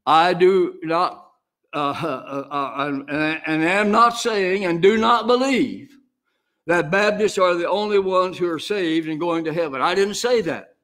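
An older man preaching a sermon as senior pastor, in a homey, folksy style with slow, emphatic repeated phrases. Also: high voice, fairly bright tone.

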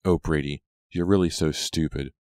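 Vengeful teenage girl for an audiobook, cold and taunting, voiced by a deep-voiced man in a dry booth. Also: normal speed, darkish tone, no echo.

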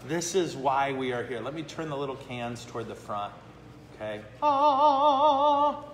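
Speaking at a moderate pace in a mid-range voice, a priest hosts a live brewery question-and-answer show. He keeps things casual, pokes fun at himself, and checks in with "okay?" and "right?" throughout, with long reverb and faint ambient noise in the recording.

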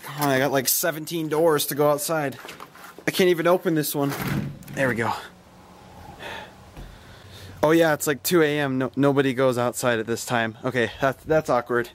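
A man's voice: mid-range voice, fairly even intonation, fairly quick, noisy background. A man doing comedic game commentary, complaining in a whiny, exasperated way. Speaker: gameplay skit narrator.

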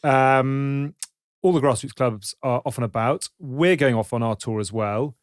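A man's voice: medium pitch, a little slow, dry recording, clean studio sound. A man from Dorset hosting a podcast, teasing his co-hosts and steering the casual chat. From Dorset, England. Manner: teasing, jokey, steers the talk. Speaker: podcast host.

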